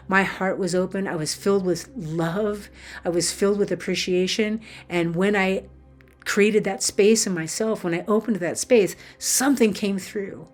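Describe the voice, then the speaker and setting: A woman's voice: fairly low pitch, a little mellow. A woman spiritual teacher telling a heartfelt personal story in an earnest, emotional way, with many fillers.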